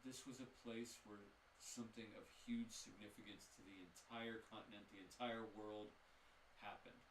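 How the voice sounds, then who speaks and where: With a lowish, fairly even voice at normal speed, a man runs a tabletop game as game master, painting scenes descriptively while often using fillers and starting over. He's recorded from a distance in an echoey room with slight background noise.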